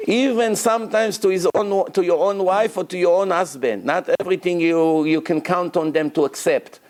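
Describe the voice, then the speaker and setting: A man's voice: sits high, moderate pace, few pauses. A male rabbi giving a Torah lecture to a congregation, emphatic, repeating words for stress, with non-native grammar. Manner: breaks into loud acted shouting of prayers and quotes.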